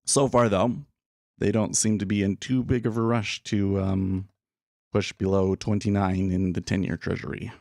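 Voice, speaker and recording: A man's voice: fairly low pitch, level tone, moderate pace, gravelly, a little mellow, no echo, clean studio sound. A man hosting a live day trading stream, thinking aloud and rambling in a casual, self-deprecating way. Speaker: day trading livestream host. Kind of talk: live market commentary.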